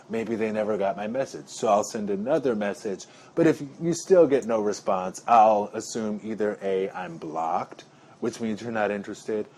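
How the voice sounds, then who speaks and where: A man's voice: mid-range voice, a little mellow, slight background noise. A man talking casually to his viewers in a rambling, chatty monologue, calling them y'all. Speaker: vlogger.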